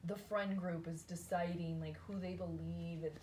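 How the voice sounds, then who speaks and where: A woman's voice: lowish voice, steady tone, normal speed, warm tone, slight background noise. A woman giving a casual tarot reading, thinking aloud in a chatty, rambling way, often adding "like" and "right?". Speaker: tarot reader.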